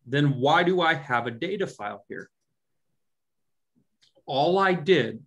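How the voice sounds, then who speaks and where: A man's voice: on the high side, lively intonation, takes it slowly, long pauses, fairly bright tone. A man teaching a live coding lecture to a class. He talks casually and keeps checking in with the students. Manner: conversational, often checks in with the class. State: has hiccups. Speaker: instructor.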